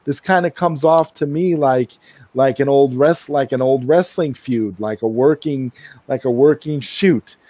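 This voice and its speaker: A man co-hosting a casual podcast, musing out loud. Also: medium pitch, unhurried. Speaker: podcast co-host. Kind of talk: casual chat.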